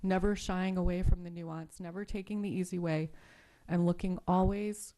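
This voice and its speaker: A woman at a school board meeting delivering formal closing remarks in measured, deliberate phrases. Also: lowish voice, steady tone, warm tone. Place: public meeting room.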